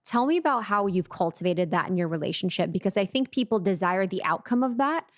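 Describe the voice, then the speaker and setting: A woman hosting a podcast, asking relaxed questions and affirming her guest. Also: mid-range voice, a little fast, no room sound, clean studio sound. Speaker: podcast host. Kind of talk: casual interview chat.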